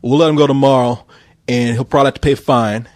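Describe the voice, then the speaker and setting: Dry-voiced man telling a story, animated. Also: mid-range voice, quick pace, dry recording. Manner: animated storyteller, swears freely, acts out voices. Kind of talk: casual storytelling chat.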